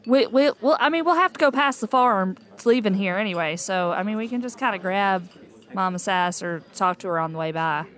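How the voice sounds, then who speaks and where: A woman's voice: mid-range voice, animated, brisk, fairly bright tone. A woman chatting casually as a player in a tabletop game.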